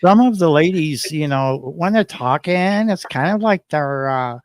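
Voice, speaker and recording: A man on a livestream panel, musing in a halting way. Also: fairly high pitch, lively intonation, dry recording, clean studio sound. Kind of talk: casual livestream chat.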